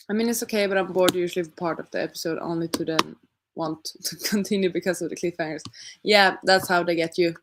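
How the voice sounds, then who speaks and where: A young woman casually chatting with her stream audience, thinking aloud and asking rhetorical questions. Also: lowish voice. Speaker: livestream host reading chat. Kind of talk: casual chat.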